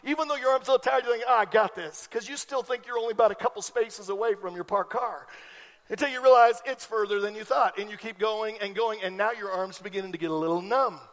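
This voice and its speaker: High-voiced preacher in a reverberant hall. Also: male voice, fast. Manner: animated preaching with rising emphatic peaks. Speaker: pastor. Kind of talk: sermon. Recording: long reverb of a large hall.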